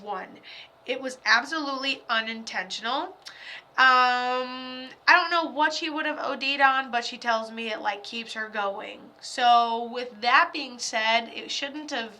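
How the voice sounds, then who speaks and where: A bright, forceful young woman talks her way through a live psychic reading. Her voice sits a little high, and she rambles loosely with fillers and offhand jokes. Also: measured pace. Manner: chatty, lots of fillers, loose and joking. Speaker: psychic medium.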